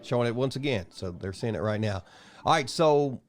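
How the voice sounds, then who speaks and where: A man's voice: medium pitch, lively intonation, fairly quick. Friendly male interview host. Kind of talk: conversational interview.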